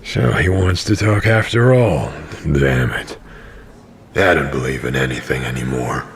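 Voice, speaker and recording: A man narrating an audio drama as a tired, cynical wandering pilgrim. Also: extremely low pitch. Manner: dry, tired, slow narration. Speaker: narrator and main character.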